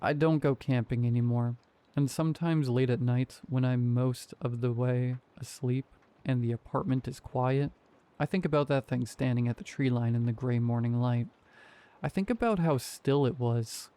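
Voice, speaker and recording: A man reading a horror story aloud as scripted narration, in a calm, measured way. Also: mid-range voice.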